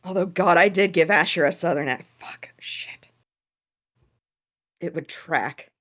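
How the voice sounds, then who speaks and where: Slow-talking giggly woman game master. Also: on the low side, a bit bright. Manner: giggly, swears casually. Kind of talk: casual chat after a tabletop game.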